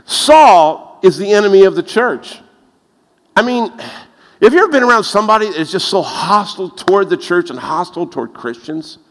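A man preaching a lively sermon, telling stories and laughing at his own jokes. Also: moderate pace. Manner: animated, laughs at his own jokes, rises in pitch when excited. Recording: long reverb of a large hall.

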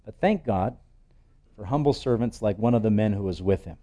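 Mellow-voiced male pastor preaching. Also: lowish voice, fairly quick. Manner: animated storyteller, acting out the scripture voices. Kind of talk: expository sermon.

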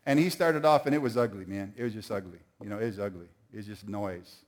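A man's voice: on the low side, fast. A middle-aged man preaching a sermon, telling folksy stories and calling on the audience to answer. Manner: folksy storytelling, calls on the audience.

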